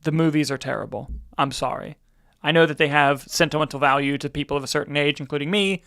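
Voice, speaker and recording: A man's voice: fairly high pitch, quick pace, creaky, a bit bright, no echo, clean studio sound. A man co-hosting a movie news roundtable podcast, talking casually with candid, profane jokes. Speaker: podcast co-host.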